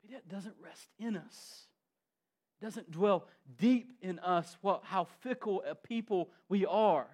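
A man preaching a sermon in a fairly high voice. He sinks to near-quiet on key phrases, then climbs back up with loud, emphatic build. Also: slow. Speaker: pastor.

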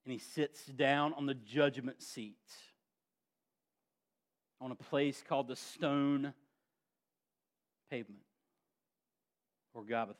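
A male pastor preaching a sermon, dropping quiet and then rising loud and emphatic. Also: medium pitch, slow, long pauses.

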